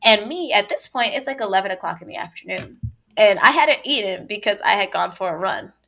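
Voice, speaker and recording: A young woman telling a story in a casual, chatty way, with quick asides and laughs between lines. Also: medium pitch, expressive, vocal fry, fairly bright tone.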